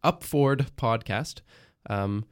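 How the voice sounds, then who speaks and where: A man's voice: medium pitch, slow, smooth. A man co-hosting a podcast, laid-back and chatty, explaining things with lots of fillers. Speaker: podcast host. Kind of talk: casual podcast chat.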